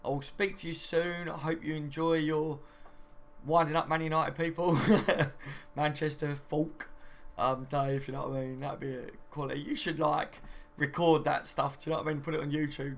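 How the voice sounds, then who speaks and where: Gravelly man chatting on a live stream. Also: a little high, fairly bright tone. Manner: chatty and matey, often says "mate" and "do you know what I mean". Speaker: YouTuber hosting a live stream. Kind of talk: casual live-stream chat reading viewer comments.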